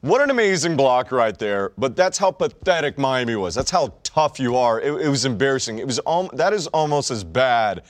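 A man's voice: mid-range voice, sing-song, moderate pace, hardly any pauses, no echo. A young man co-hosting a podcast, chatting casually and sarcastically about sports. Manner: wisecracking, sarcastic. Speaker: podcast co-host.

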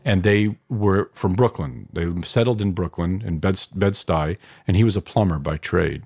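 A man from New York in his fifties, a filmmaker reflecting on his family in an interview, halting and restarting often. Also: deep voice, gravelly, a little mellow, dry recording. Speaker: filmmaker guest. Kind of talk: interview answers.

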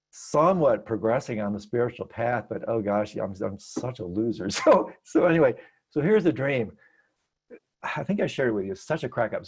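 A man with a slightly husky voice leads an online teaching session over a video call. He tells stories in an animated, self-mocking way and laughs often. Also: medium pitch. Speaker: meditation teacher.

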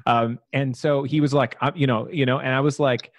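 Man, podcast co-host, middle pitch, dry close mic, casual chatty manner. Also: fairly even intonation, normal speed, no echo. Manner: loose, chatty, laughs often.

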